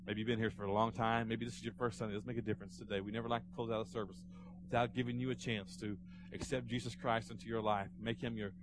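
A pastor delivering a Sunday sermon in a church, telling a story with rising fervor and then dropping to a hushed close. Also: male voice, fairly low pitch, little pitch movement, fast talker, background noise. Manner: storytelling, swelling to fervent emphasis then hushed prayer. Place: church sanctuary.

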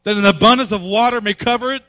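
A preacher voicing a stern, commanding deity. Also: male voice, high-pitched, fast, pushed and bright, dry recording. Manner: commanding, rhetorical questioning. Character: all-powerful male deity, stern and challenging.

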